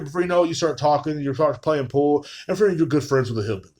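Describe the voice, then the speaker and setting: A man's voice: mid-range voice, fast talker, hardly any pauses, warm tone. Casting note: young man, rambling, profane monologue, ordinary mid-range voice. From Texas. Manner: profane, rambling, lots of fillers. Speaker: podcast host. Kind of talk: casual ranting monologue.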